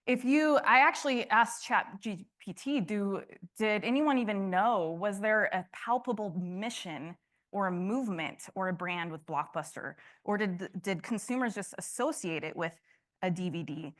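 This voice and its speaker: A woman's voice: medium pitch, normal speed, fairly bright tone. A woman giving a conference talk to a room, passionate, often restarting and asking the audience questions. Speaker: conference speaker.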